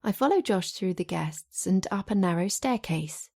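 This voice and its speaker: Husky woman narrating a romance novel. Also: medium pitch, expressive, normal speed, darkish tone. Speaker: audiobook narrator. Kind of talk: first-person romance audiobook narration.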